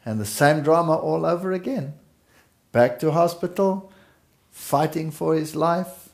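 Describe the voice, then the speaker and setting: A middle-aged man speaks slowly and earnestly as he tells a personal story. His voice is gravelly, with audible fry, and he takes his time over each phrase. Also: a little high, a little mellow. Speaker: speaker telling life story. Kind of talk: personal testimony in conversation.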